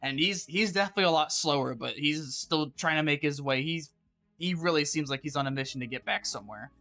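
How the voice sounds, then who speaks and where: Bright-voiced game master narrating. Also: male voice, a little high, brisk, faint music behind. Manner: swearing, laughing narration.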